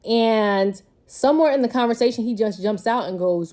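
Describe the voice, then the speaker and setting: A young woman, pregnant, telling a personal story in a relaxed, gossipy way. Her voice sits at a middle pitch and wanders through fillers and restarts as she recounts events. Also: normal speed, few pauses. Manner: chatty, conversational, lots of "like" fillers. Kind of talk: casual story time.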